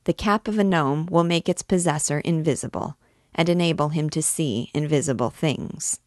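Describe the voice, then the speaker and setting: A woman's voice: deep voice, moderate pace, darkish tone, dry recording, clean studio sound, close to an everyday voice. A woman reading aloud, voicing a commanding male chief of vagrants who instructs his followers. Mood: instructing. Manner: instructive, listing lore.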